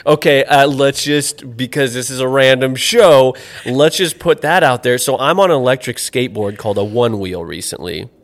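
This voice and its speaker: A man's voice: mid-range voice, normal speed, few pauses. A young adult man co-hosting a podcast, chatting casually and telling stories with lots of fillers. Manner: rambling, animated storyteller with many fillers. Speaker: podcast co-host. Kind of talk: casual chat.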